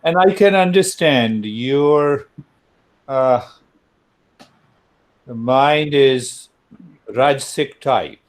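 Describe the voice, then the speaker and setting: Male meditation teacher, calm measured chanting, unhurried delivery, mid-pitched voice, video call. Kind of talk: guided meditation and group check-in.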